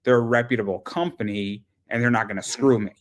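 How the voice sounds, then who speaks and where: A man's voice: mid-range voice, fairly even intonation, quick pace. A man hosting an interview show, talking casually and rambling, often repeating words as he starts a thought.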